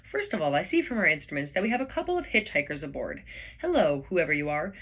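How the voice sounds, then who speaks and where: Storybook read-aloud: a booming, self-important alien captain, played by a woman, hostile and husky. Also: big pitch swings, fast, exaggerated voice. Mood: haughty. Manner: loud announcing, self-important. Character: pompous hostile male alien ship captain.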